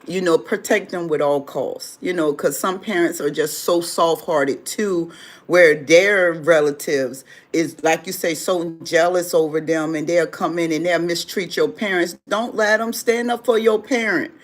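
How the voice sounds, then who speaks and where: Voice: medium pitch, steady tone, unhurried. A livestream host giving loose, rambling motivational advice in casual everyday speech, often repeating phrases for emphasis while answering viewer chat.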